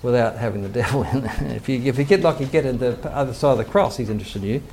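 An older man teaches a sermon as a pastor. His voice is gravelly and sits at an ordinary middle pitch. He preaches earnestly and quotes scripture as he goes. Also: rapid-fire, darkish tone, slight background noise.

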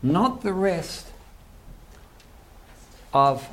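A man's voice: sits high, very animated, drawn-out words, fairly bright tone. A male pastor giving a conversational sermon, acting out quoted voices, with faint background noise.

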